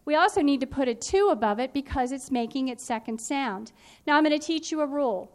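High-voiced woman teaching phonics. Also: expressive, brisk. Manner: clear, patient, instructive. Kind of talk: teaching a workshop on spelling.

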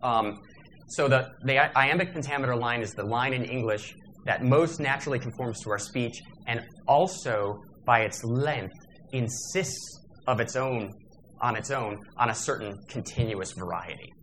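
A man's voice: mid-range voice, moderate pace, fairly bright tone, slight background noise. A man giving a workshop lecture in a discursive, digressive manner, with fillers and self-corrections.

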